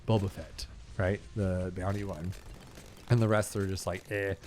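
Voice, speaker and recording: Chatty rambling young man, lowish voice. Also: flat delivery, normal speed, darkish tone, slight background noise. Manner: chatty, rambling, filler-heavy. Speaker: gaming channel host. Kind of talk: rambling casual gameplay chat.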